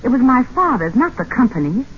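A practical young woman pleads her case with eager urgency. Her voice is high and rises and falls a lot. It comes through a muffled old film soundtrack with a light hiss behind it. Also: sing-song, fairly quick. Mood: urgent. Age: young adult.

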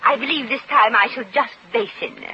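A woman's voice: a little high, moderate pace, highs cut off, lightly acted. Actress playing a giggly would-be society lady. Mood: mock-posh. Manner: affected grand tone, giggly, slips into plain talk. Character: brash young woman putting on posh ladylike airs. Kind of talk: 1940s radio comedy acting. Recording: hissy old radio broadcast.

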